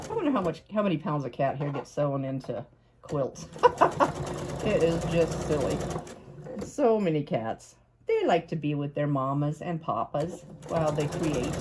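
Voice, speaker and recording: A woman's voice: low-pitched, noisy background. A woman chatting casually as she sews a quilt, rambling and talking to her cat, tearful at times. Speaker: quilting vlogger. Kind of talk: casual chat while sewing.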